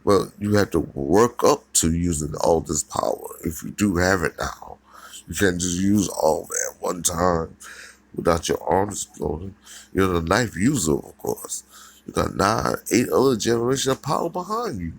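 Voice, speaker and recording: A man voicing a stern adult male hero mentor who gives instructions with pauses. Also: low-pitched, lively intonation, creaky, full character voice. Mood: instructive.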